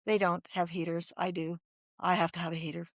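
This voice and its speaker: Lively woman telling a story, dry sound. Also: on the low side, a little fast, no echo. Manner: lively storyteller who acts out quoted voices. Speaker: guest. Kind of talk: storytelling in a podcast interview.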